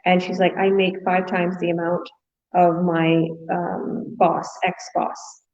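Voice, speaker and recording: A woman's voice: lowish voice, flat delivery, slow pace, a little mellow, lo-fi sound. A woman hosting a casual online business chat, upbeat, encouraging and rambling as she talks. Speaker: host.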